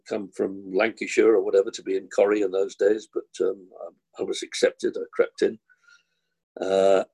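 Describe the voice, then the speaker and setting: A man's voice: on the low side, creaky, mellow, slightly rough. An older man, chatting as an actor guest and telling rambling anecdotes. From London. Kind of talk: casual interview chat.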